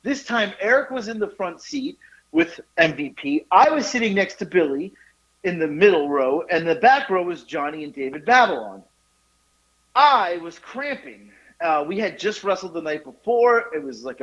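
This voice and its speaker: A man in his forties tells a story on a casual podcast, his higher voice swinging up and down a lot. He laughs and swears as he goes and trips into restarts. The audio sounds dull and lo-fi. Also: normal speed. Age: 40s. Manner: animated, laughing, profane anecdote telling with rambling restarts. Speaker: podcast host.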